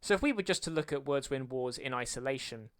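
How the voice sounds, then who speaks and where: A video creator teaches music theory in a fast, animated, mid-range voice, counting beats aloud and singing rhythms as demonstrations. Faint music plays in the background.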